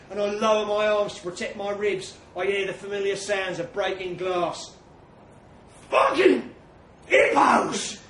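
A man reading a crude comic story to a laughing audience, acting out blokes' lines with swagger. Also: high voice. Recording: echoey room from far off.

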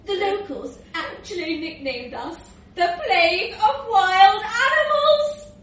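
A woman's voice: very high-pitched, expressive, measured pace. A woman voicing a boastful, laddish male reindeer who turns whiny when cornered. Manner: loud, boastful, laughing through lines. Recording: echoey room, distant mic, faint hiss.

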